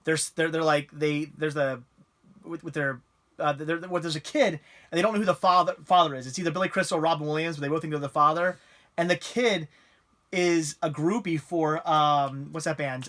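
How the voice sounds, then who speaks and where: A man's voice: on the high side, a bit bright. A man hosting a casual movie livestream, rambling enthusiastically from a couch. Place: living room couch.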